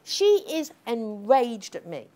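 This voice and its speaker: A woman's voice: fairly high pitch, very animated, takes it slowly, warm tone. A middle-aged woman giving a public lecture, emphatic and combative, tagging her points with questions to the audience. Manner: emphatic, combative, frequent "okay?" tags.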